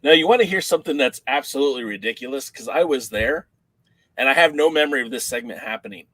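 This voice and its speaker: A man co-hosting a wrestling chat podcast, his pitch sitting in a middle range. He tells stories with a lot of energy and acts out the voices of the people in them. The sound is dry, with no room around it. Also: fast, no room sound, rough recording. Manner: animated storyteller, acts out quoted voices. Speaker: podcast co-host.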